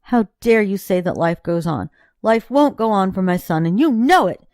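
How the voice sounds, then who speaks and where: A woman's voice: on the high side, lively intonation, unhurried, dry recording, clean studio sound, pitched above the performer's own voice. A woman voicing a grief-stricken young wife, raised and strained. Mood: enraged. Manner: raised, strained voice rising to shouts. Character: grieving young woman, 26, tearful and enraged.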